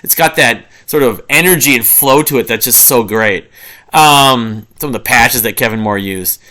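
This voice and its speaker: A man's voice: mid-range voice, normal speed, pushed and bright. A man in his forties reviewing albums in a casual, rambling monologue, full of fillers and restarts and humming riffs to make his points. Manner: hums and sings riffs to illustrate. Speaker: music reviewer.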